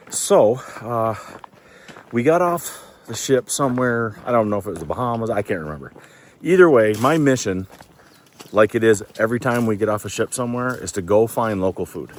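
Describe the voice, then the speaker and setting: A man's voice: lowish voice, a little hiss or hum. A man telling casual, folksy stories while hiking outdoors, a little out of breath from climbing. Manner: chatty, loose and folksy, swears casually. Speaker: thru-hiker vlogger.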